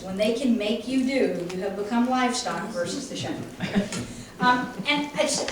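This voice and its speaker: A woman dog trainer giving a conversational, emphatic lecture to a class. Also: fairly high pitch. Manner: conversational, emphatic, acts out owners' voices. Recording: echoey room from far off, faint noise.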